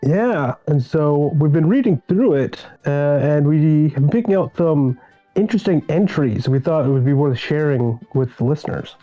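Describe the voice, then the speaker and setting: A man co-hosting a casual podcast, telling a story in a halting, stumbling way. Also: a little high, mellow, dull audio, faint music behind. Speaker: podcast co-host.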